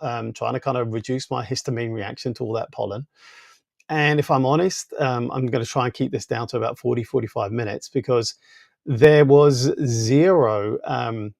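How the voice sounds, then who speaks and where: Gravelly man chatting on a live stream. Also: medium pitch, no room sound, studio quality. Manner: rambling, loose, full of fillers. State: voice weakened by congestion. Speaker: tech channel host. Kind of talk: casual live stream chat. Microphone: small wireless clip-on mic.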